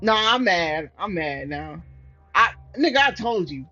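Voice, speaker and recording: A woman's voice: fairly low pitch, moderate pace. A woman gaming streamer reading a story game aloud, breaking into profane, outraged reactions. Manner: animated, profane, bursts into loud outraged reactions. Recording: slightly muffled, soft game music behind.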